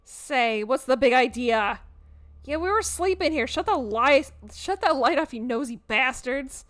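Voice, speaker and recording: A woman doing grumpy squeaky bats. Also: expressive, a little slow. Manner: loud, squeaky, indignant. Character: grumpy, rude sleepy bats.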